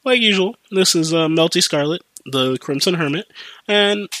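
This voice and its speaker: A man's voice: on the high side, animated, moderate pace, bright, forceful tone, no echo. A young man hosting his own podcast, ranting profanely in a casual solo monologue and mimicking other people's voices. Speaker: podcast host.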